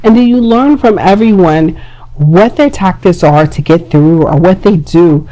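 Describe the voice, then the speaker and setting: Chatty woman with a mellow, lowish voice. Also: measured pace, poor audio. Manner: chatty, animated, lively quoted voices. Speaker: podcast host. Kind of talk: casual advice talk.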